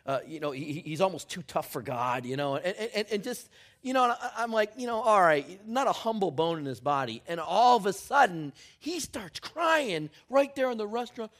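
A man preaching a sermon as a church pastor, telling a story with jokes and growing quiet and hushed toward the close. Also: high voice, sing-song, moderate pace. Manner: storytelling, joking, then softening to a hushed close.

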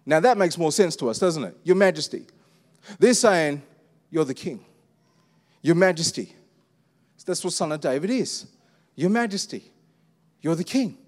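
A middle-aged man preaching a sermon in a relaxed, conversational way, full of rhetorical questions. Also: fairly high pitch, measured pace, long pauses. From Australia. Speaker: pastor. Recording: long reverb of a church hall.

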